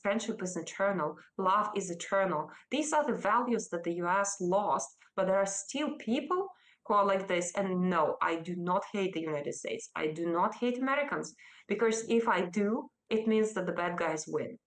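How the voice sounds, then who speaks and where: A woman's voice: medium pitch, lively intonation, low-quality recording. Defiant Russian-accented woman. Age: 30s. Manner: emphatic, defiant, with halting restarts. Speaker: interviewee, politician. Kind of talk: remote news interview.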